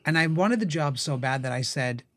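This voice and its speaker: Animated middle-aged man telling stories. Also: a little high, normal speed. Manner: animated storyteller, acts out quoted voices. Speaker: podcast guest, actor. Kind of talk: casual storytelling interview.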